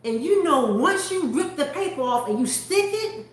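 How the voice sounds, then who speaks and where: A woman hosting a faith-based chat, telling a story with animated delivery and acting out the people in it. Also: high voice, moderate pace. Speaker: host. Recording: echoey room.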